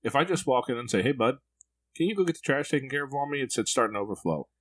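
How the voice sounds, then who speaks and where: A man's voice: medium pitch, expressive, very fast. A man hosting a parenting podcast, talking in a candid, reflective way. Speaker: podcast host. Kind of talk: podcast interview.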